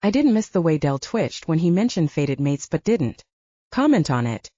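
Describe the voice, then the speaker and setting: A woman narrates a romance audiobook in a low, warm voice. Her reading is steady but animated in pitch. The recording is dry and somewhat dull. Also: normal speed, no echo. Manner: first-person, steady reading. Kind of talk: scripted narration.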